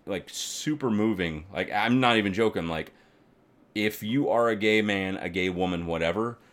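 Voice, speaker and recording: Male podcast co-host, low voice, loose, excitable and profane, talks in long run-on stretches. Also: moderate pace. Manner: rambling, animated, swears often, many fillers. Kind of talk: casual chat.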